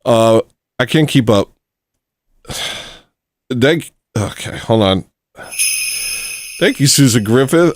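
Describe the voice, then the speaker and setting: A man's voice: medium pitch, animated, slow, long pauses, no echo, studio quality. A man hosting a livestream, chatting casually and joking as he thanks viewers for donations. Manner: rambling, jokey, reads out super chats. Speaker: livestream host.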